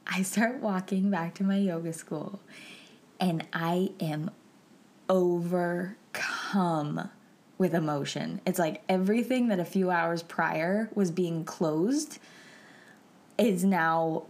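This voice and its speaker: Animated woman telling a heartfelt story. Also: lowish voice. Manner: emotional and animated, addresses listeners as "you guys"; casual and chatty, with frequent "like" fillers. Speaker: podcast host. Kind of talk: personal storytelling monologue.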